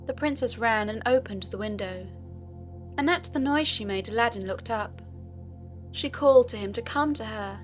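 A woman narrating a fairy tale audiobook in a steady storytelling manner. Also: fairly high pitch.

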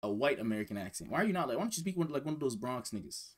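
A man hosting a vlog, chatting and teasing strangers on a video chat app in a quick, joking way that sometimes drops to a mumble. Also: medium pitch, big pitch swings.

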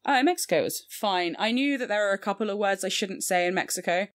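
A woman's voice: mid-range voice, animated, quick pace. A young woman in her twenties, a Spanish teacher, chatting casually and laughing often with many fillers. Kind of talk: casual podcast chat.

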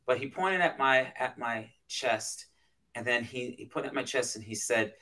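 A man, a pastor, telling a personal story as a guest in an interview, animated and emotional, with frequent restarts. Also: medium pitch, moderate pace. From United States.

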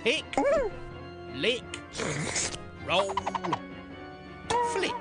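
A man narrating a gruesome cautionary tale in a gleeful, theatrical storytelling style. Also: high voice. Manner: gleeful, theatrical, relishing the gross details. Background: music.

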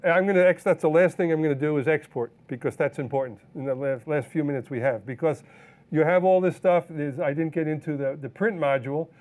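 Man, fairly high voice, live software demo, relaxed step-by-step explaining, self-correcting. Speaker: photography instructor.

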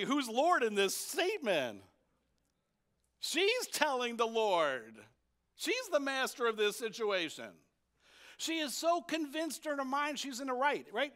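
Brief: male pastor with a high voice, preaching emphatically and posing rhetorical questions to the congregation in church. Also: bright, forceful tone. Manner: emphatic, repeats key points for effect. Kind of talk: sermon.

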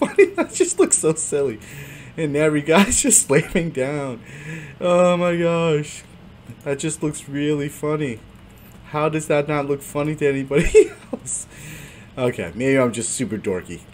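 A man hosting a gaming channel, giving casual commentary on his own gameplay, excitable and laughing often. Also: a little high, unhurried, a little hiss or hum.

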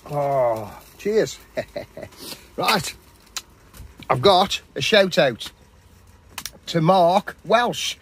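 A man's voice: a little high, sing-song, extremely slow, long pauses, background noise. A man chatting casually and matily while cooking outdoors at a campsite. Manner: chatty, matey, rambling. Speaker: vlogger.

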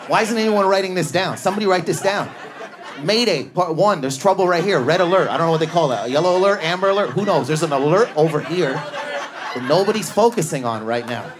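A young man from Canada doing a high-energy, neurotic stand-up routine on a comedy club stage, acting out characters. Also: lively intonation, quick pace, crowd noise. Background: audience laughing.

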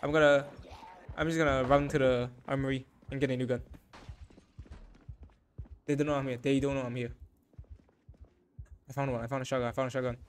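A man's voice: mid-range voice, little pitch movement, fairly quick, long pauses, slight background noise. A young man giving frantic gameplay commentary, panicking and repeating short phrases over and over. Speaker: gaming YouTuber.

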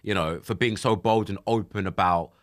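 A man in his twenties hosting a casual chat show, lively and laughing easily, and softer when he speaks of personal loss. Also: lowish voice, moderate pace. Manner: animated, laughs easily, turns soft and emotional when talking about grief. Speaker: podcast host. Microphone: studio microphone.

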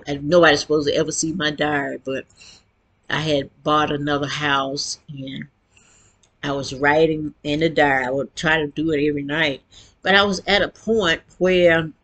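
Woman in her 60s, gravelly voice, frank earthy storyteller, casual personal chat. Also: low-pitched, a bit bright. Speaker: vlogger and author.

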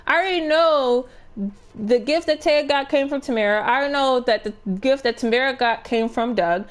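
A young woman chatting over her gameplay, venting with lively energy. She swears freely and trips over her words, restarting sentences. Her voice sits a little on the high side. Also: normal speed. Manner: animated, profane, stammering restarts. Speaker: gaming streamer. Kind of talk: casual storytelling while playing.

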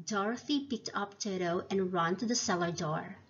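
A woman narrating a storybook read-aloud in a slow, clear reading manner. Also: mid-range voice, highs cut off.

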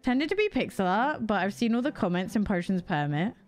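A woman's voice: mid-range voice, big pitch swings, a little fast, soft background music. A young British woman streaming a cozy game, chatting casually with viewers in a giggly, self-mocking way. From Britain. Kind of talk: casual gameplay chat with chat readers.

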